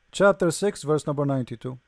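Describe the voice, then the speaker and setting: Man, high voice, dry sound, sarcastic lecturer, english, rhetorical questions. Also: gravelly, no echo. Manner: non-native English grammar. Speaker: religious debate speaker. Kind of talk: lecture-style commentary.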